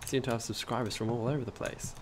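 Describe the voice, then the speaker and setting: A man's voice: medium pitch, steady tone, fast, noisy background. A man with a posh English accent, chatting casually on a gameplay livestream, rambling and reading out chat as he builds. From England.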